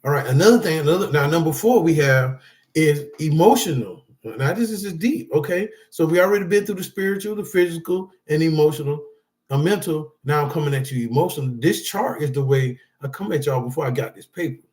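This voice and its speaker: This support group speaker has a high-leaning, slightly mellow male voice with lively intonation and a brisk pace. Indoors, reading from notes to the camera, he gives a casual motivational talk full of loose, rambling advice, checking in often with lines like "all right?"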